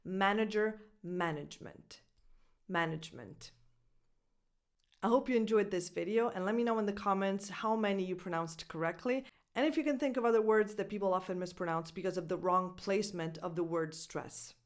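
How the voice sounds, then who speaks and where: A woman teaching English pronunciation who repeats each word slowly and deliberately, marking the stressed syllable. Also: mid-range voice. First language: Italian. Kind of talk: pronunciation lesson.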